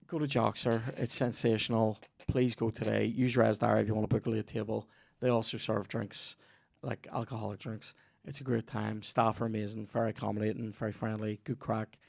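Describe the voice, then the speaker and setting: A man's voice: fairly low pitch, flat delivery, moderate pace, gravelly, darkish tone, no echo. A man with a Northern Irish accent hosting a comedy podcast, rambling through a sweary, jokey ad read.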